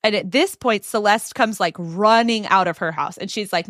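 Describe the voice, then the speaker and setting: A woman telling a story in casual podcast chat, animated, slipping into the voices of the people in it. Her voice sits at a middle pitch, and the sound is dry and close. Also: normal speed, no echo. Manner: animated retelling, acting out quoted characters.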